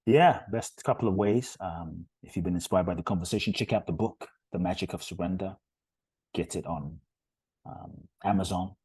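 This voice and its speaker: Low husky-voiced man telling a story. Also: moderate pace, darkish tone, no room sound. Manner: earnest, emphatic, heartfelt. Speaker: podcast guest, author and retreat leader. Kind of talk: conversational storytelling interview.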